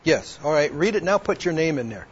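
Husky man telling his testimony. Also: on the high side, animated, brisk. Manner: acts out both sides of a past conversation and reads verses aloud. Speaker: speaker giving a personal testimony. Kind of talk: personal testimony told to a women's audience. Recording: dull lo-fi recording.

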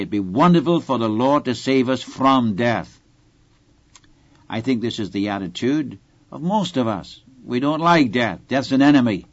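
A man's voice: medium pitch, no echo. Earnest male Bible preacher, lo-fi recording. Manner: earnest, expository, addresses listener directly. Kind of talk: Bible-teaching sermon.

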